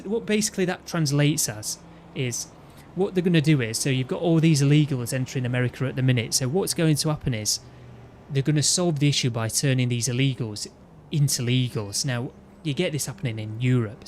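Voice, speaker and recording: A man talks in a loose, rambling rant, his voice sitting at an ordinary middle pitch. He stumbles, restarts sentences and keeps checking in with his listener. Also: brisk, few pauses, darkish tone, slight background noise. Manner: rambling, with frequent restarts and "you know what I mean". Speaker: gaming video host. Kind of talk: casual ranting chat.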